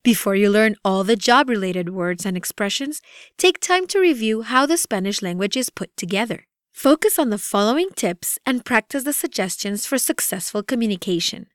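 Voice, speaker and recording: A woman reading a scripted language course with a deliberate, evenly paced teaching delivery. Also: fairly high pitch, clean tone, dry recording, clean studio sound. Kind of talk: scripted instructional narration.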